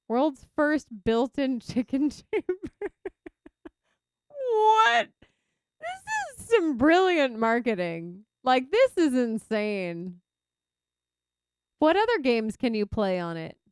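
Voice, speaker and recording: Chatty Texan woman streamer, lively pitch. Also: slow, clean tone, no room sound, studio quality. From Texas. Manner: chatty, reacts loudly to chat. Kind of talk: casual chat while gaming.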